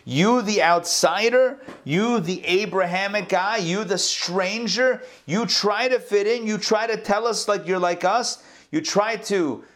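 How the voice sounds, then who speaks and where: A man's voice: sits high, unhurried, a bit bright, voice pushed up. A man voicing a resentful crowd of townspeople who sneer and accuse an outsider. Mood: accusing.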